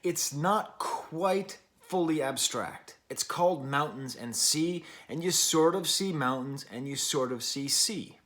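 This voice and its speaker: A man's voice: a little high, slow, hardly any pauses, fairly bright tone. A man hosting a music review show, talking through his thoughts in a casual, musing way with long strings of clauses. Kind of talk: casual spoken album review.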